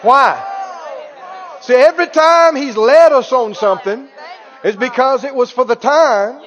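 A man preaching a sermon, exuberant, shouting praise and stretching words out for emphasis. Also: very high-pitched, a little hiss or hum. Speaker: pastor. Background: congregation.

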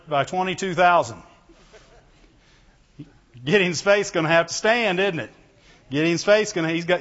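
A high-voiced, slightly bright man preaches fervently to a congregation in a long, echoing church hall, calling out for amens and glory to God. He reads scripture aloud in old biblical wording. The recording sounds dull and lo-fi.

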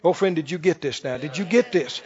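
A man's voice: fairly high pitch, fairly quick, husky. A man preaching a sermon, emphatic and storytelling, repeating his key phrases. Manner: emphatic, repeats phrases, tells stories with laughter. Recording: dull lo-fi with long hall reverb.

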